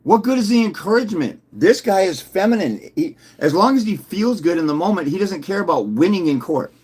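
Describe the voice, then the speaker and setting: A man's voice: sits high, expressive, brisk, a little mellow, breathy edge. A man giving a combative, mocking commentary, repeating his put-downs as he builds his case. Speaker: fathers' rights consultant. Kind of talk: ranting commentary video.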